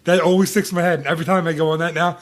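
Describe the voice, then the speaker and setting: Laughing man hosting a podcast, higher voice. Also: flat delivery, racing. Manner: laughs often while talking. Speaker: podcast host. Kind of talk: casual podcast chat.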